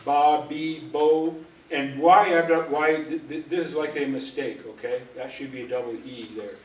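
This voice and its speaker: A man teaching an Ojibwe language class, patiently drilling syllables and repeating words slowly. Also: medium pitch, fairly even intonation. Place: library auditorium. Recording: echoey room, voice from a distance.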